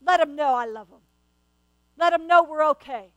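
A woman preacher voicing a gentle, forgiving male teacher, speaking in a tender, reassuring way. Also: high-pitched, moderate pace, dry recording, natural voice, poor audio.

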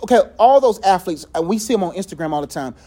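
A man leading a casual faith talk with a group, telling stories in a lively way, acting out voices in quotes and laughing often, with loose phrasing full of "like". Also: high voice, fast talker. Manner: animated storyteller who acts out quotes, laughs often; loose conversational phrasing with many "like"s.

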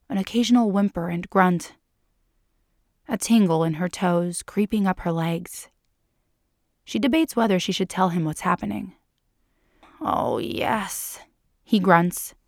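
Woman, podcast narrator, story reading, calm and unhurried, mid pitch, dry recording. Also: no room sound.

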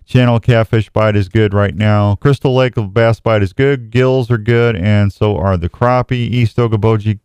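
A man's voice: on the low side, normal speed, few pauses, a little mellow, smooth, no room sound, highs cut off. A man hosting an outdoors radio show in a studio, chatting casually and rambling a little as he reads hunting and fishing reports. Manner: rambling, self-deprecating, reads reports aloud. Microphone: studio microphone.

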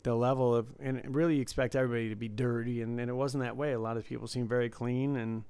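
A man with a mid-range voice, gravelly yet smooth, talks reflectively in relaxed conversation. He often backs up his cohost with short replies. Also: medium pitch, fast talker. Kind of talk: casual podcast chat.

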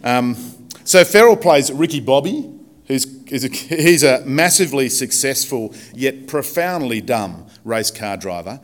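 A man's voice: medium pitch, animated, measured pace. A man preaching a casual, chatty sermon in church, self-deprecating, with many fillers and restarts. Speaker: pastor.

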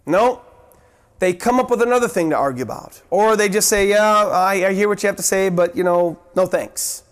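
A man with a high voice preaching an earnest sermon. He teaches from the Bible, often repeating and restarting his words, and shifts his pitch sharply up and down as he acts out the voices in the story. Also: moderate pace, clean tone.

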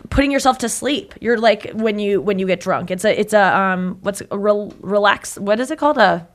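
A woman talking casually in an emphatic, animated way. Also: medium pitch, moderate pace. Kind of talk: casual conversation.

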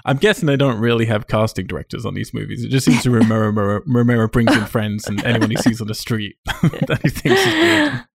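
A man's voice: lowish voice, steady tone, quick pace, gravelly, a little hiss or hum. A man hosting a casual film discussion, chatty and self-deprecating, laughing often as he talks. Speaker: podcast host.

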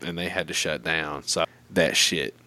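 A man's voice: rumbling low, steady tone, normal speed, pushed and bright. A man telling a long story in casual, profane and rambling chat.

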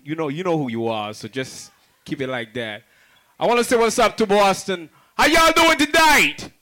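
A man's voice: a little high, fairly bright tone. A man on stage greeting the crowd, repeating call-outs and prompting them before his song. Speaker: performing artist. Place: live venue.

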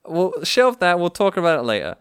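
A man's voice: high voice, wildly swooping pitch, a little fast, fairly bright tone, clear, resonant tone, dry recording, clean studio sound. A young British man co-hosting a podcast, joking playfully in casual chat. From Britain. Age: young adult. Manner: playful, jokey. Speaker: podcast co-host.

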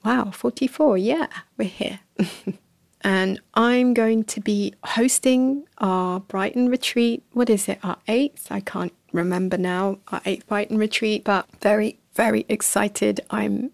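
Woman, podcast host, soft, slow and encouraging, fry in the voice, medium pitch. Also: fairly even intonation, dry recording. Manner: soft and slow, sometimes whispering, laughs at herself. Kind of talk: gentle reflective podcast talk.

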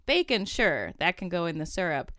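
A woman's voice: on the low side, very animated, moderate pace, pushed and bright, no room sound, clean studio sound. A woman co-hosting a podcast, chatting frankly about commercials and often correcting herself mid-sentence. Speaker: podcast co-host. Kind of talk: casual chat reviewing ads.

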